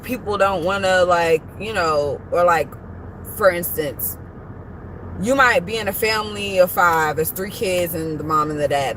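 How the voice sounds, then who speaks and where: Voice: medium pitch, background noise. A vlogger giving casual motivational talk from inside a parked car, earnest and reassuring, rambling with many fillers and restarts.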